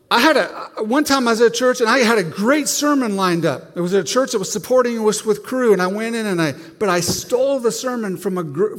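A man with a fairly high voice preaches a sermon, his words carrying a long reverb as though in a large church. He tells self-deprecating stories and often restarts his sentences.

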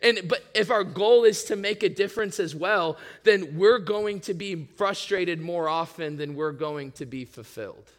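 A man's voice: high-pitched, normal speed, few pauses, big-room sound. A man preaching in a casual, conversational way as a student ministry pastor. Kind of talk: sermon.

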